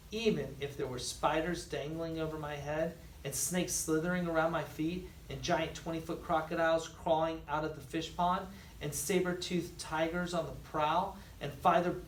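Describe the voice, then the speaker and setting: A storybook reader voicing a young boy who brags but is quickly scared, speaking in an excited voice that jumps up in pitch. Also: lightly acted. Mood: boastful. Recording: echoey room, distant mic, faint noise.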